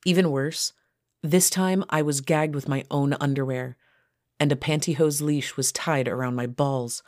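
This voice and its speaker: A woman author narrating her own first-person story in a steady, low-key reading. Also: a little slow.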